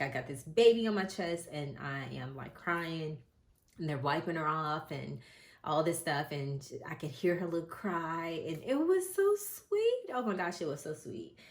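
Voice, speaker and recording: A middle-aged woman vlogger telling a candid, emotional personal story to the camera, rambling with many fillers and showing keepsakes as she talks. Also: low voice. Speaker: vlogger and mother.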